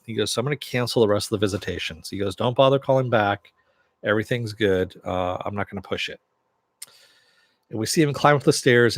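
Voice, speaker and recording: A man's voice: on the low side, dry recording, clean studio sound. A man casually recapping a TV episode, retelling scenes loosely with fillers and occasional laughs. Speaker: show reviewer.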